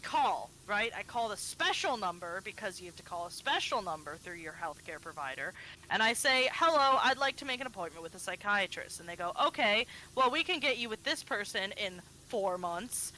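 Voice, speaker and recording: A woman streamer chatting casually while gaming, telling stories in an animated way and acting out both sides of phone calls. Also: mid-range voice, normal speed, a little hiss or hum, low-quality recording.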